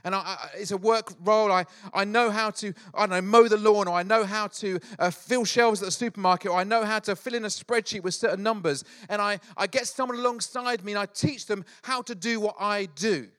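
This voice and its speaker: Lively high-voiced preacher man. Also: brisk, few pauses. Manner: animated storytelling with acted asides. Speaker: pastor. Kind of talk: sermon.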